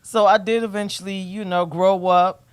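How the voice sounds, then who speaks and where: A woman's voice: medium pitch, steady tone, normal speed, smooth. A woman, casually telling a family story in a talk show and laughing often. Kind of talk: casual chat.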